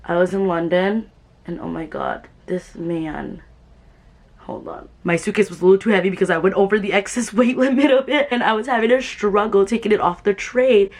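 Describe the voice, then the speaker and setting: A woman's voice: mid-range voice, expressive, fairly quick. A young adult woman chatting casually while doing her makeup, rambling and filling her talk with "like". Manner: chatty, rambling, full of "like" fillers. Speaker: beauty vlogger.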